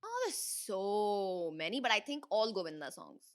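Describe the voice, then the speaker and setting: A young woman with an Indian English accent, a guest in a casual interview, chatty and animated with a slightly hoarse throat, laughing and restarting her sentences. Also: mid-range voice, normal speed. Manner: giggly, animated, full of fillers and restarts. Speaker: interview guest, dancer and creator. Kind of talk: casual rapid-fire interview chat.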